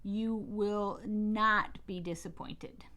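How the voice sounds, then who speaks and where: A woman's voice: medium pitch, fairly even intonation, slow, very noisy. A woman librarian recommends a novel she loved, talking in a chatty, eager way. Her voice sits in an ordinary middle range. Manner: enthusiastic, chatty. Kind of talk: book talk, reading aloud.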